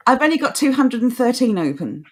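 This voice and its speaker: A woman's voice: fairly high pitch, sing-song, brisk. A woman co-hosting a live chat show, reading viewer comments in a chatty, laughing way. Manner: chatty, laughing, trailing off and restarting. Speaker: co-host of a live news-reaction show.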